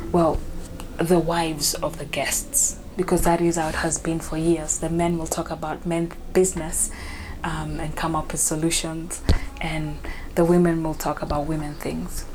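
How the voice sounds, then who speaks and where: A woman recites spoken word poetry in a low, flat and hushed voice. She keeps a measured, even pace. The recording is live and full of noise.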